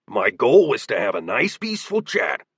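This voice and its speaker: A man voicing a cloaked monstrous hero who grumbles with dry, laid-back understatement. The voice is husky and close, with a dry, dead sound and animated pitch. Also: normal speed, no room sound, exaggerated voice. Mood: grumbling. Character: monstrous cloaked male hero, wry and unflappable.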